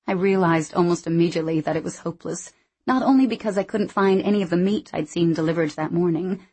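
Woman, audiobook narrator, breathy voice, measured, expressive. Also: on the low side. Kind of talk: first-person scripted narration.

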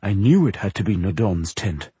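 A man's voice: deep voice, animated, moderate pace, warm tone, breathy edge, no room sound, heavily acted. A man voicing a smug male impresario whose voice comes muffled from inside a helmet, in an audiobook.

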